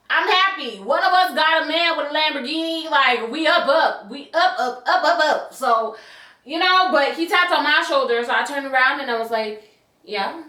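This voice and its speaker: Chatty bright-voiced young woman, echoey room. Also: sits high, moderate pace. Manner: chatty, animated, slangy storytelling with asides. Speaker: YouTuber telling a story. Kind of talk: casual storytime.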